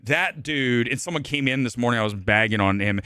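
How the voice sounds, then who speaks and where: A man's voice: medium pitch, brisk, sharp tone, clear, resonant tone, no echo, clean studio sound. A man hosting a live movie-talk stream, ranting bluntly and combatively with profanity and emphatic repetition. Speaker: live show host. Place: Los Angeles.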